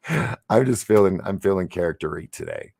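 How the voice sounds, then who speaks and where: A man's voice: low-pitched, wildly swooping pitch, normal speed, vocal fry, a little mellow, breathy edge, dry recording. A man hosting a casual livestream, reading viewer comments aloud and rambling, often trailing off and restarting. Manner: laughs and gasps between remarks. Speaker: livestream host.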